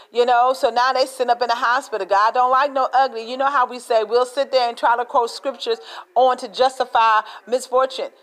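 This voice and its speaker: A woman's voice: on the high side, fairly even intonation, fairly quick, a bit bright, poor audio. A woman preaching a sermon in an emphatic, repetitive way, acting out little scenes as she speaks.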